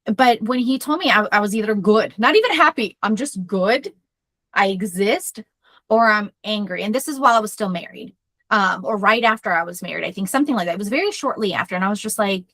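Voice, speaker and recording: A woman therapist in casual podcast chat, loud and full of energy as she tells a story. Her voice sits at an ordinary middle pitch. The sound is dry and close, with almost no room echo. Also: animated, a little fast.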